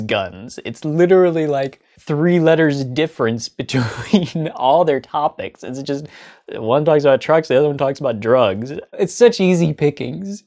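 A man's voice: fairly high pitch, darkish tone. A man talking to camera in a casual comedic monologue, chatty and sarcastic. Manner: chatty, sarcastic, breaks into mocking sung parodies. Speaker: comedy vlogger.

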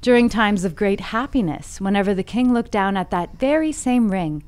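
A woman's voice: medium pitch, lively intonation, normal speed, darkish tone. A woman presenting a scripted storytelling segment on a podcast, laughing at herself and playful in between. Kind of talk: reading a scripted segment and chatting.

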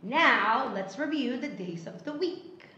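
A woman leads a live online English class for young children, speaking slowly and patiently in a high voice so the kids can repeat after her. Her audio is roomy and a little dull, the kind of lo-fi sound a livestream gives. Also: lively intonation, pushed and bright. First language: Spanish. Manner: switches between English and Spanish, drills words for repetition; sleepy but encouraging. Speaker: English teacher.

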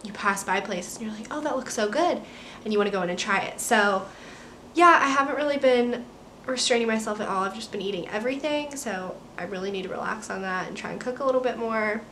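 A woman's voice: mid-range voice, fast, sharp tone, a little hiss or hum. A young adult woman with an American accent, a college student chatting through a casual vlog update from her apartment in a bubbly, rambling way full of "like" and "um". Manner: bubbly, rambling, heavy use of "like" and "um". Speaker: vlogger, college student studying abroad.

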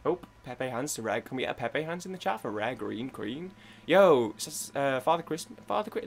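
A young man giving casual, excitable commentary while playing a video game, swinging between muttered grumbling and sudden shouts. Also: medium pitch, normal speed, creaky. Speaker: gaming video creator.

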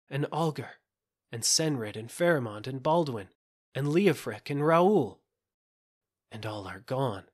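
A man voicing a secretive, fearful young maid in a storybook reading, speaking low and confidingly. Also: slightly rough.

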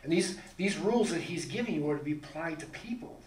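Male pastor, sermon delivery, emphatic with rhetorical questions; slightly high voice, picked up from a distance in a reverberant hall. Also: expressive, fast talker. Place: church sanctuary.

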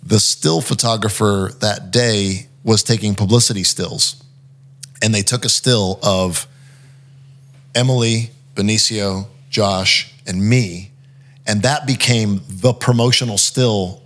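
A man, a guest actor, telling stories in casual chat, animated, often acting out what others said, with lots of fillers. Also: fairly low pitch, slow pace. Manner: animated, acts out quotes, frequent fillers.

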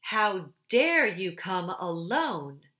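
A woman voicing a cold, imperious witch queen who speaks slowly and with menace. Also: fairly low pitch, sing-song, sharp tone, full character voice. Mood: menacing. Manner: slow, menacing and commanding.

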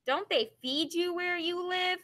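A woman's voice: high voice, animated, fairly quick, pushed and bright. A woman voicing a mean, sly schoolboy bully who taunts and demands, read aloud from a storybook. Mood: taunting.

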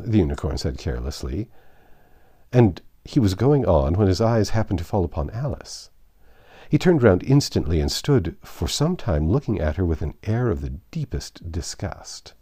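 Deep, warm male storyteller. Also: normal speed, breathy edge. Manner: expressive storytelling. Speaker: narrator. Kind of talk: audiobook reading of a classic.

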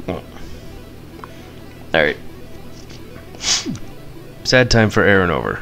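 Excitable gravelly-voiced man playing a game. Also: normal speed. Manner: excitable, squeals in high pitch at surprises; playful chatter, chants nonsense eating noises. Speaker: gamer. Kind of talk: mobile game commentary. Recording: game music behind.

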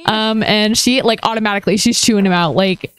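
Giggly young woman telling a sims story, casual chatty tone, mid pitch. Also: brisk, fairly bright tone. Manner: chatty, giggly, full of fillers. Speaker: gaming video creator.

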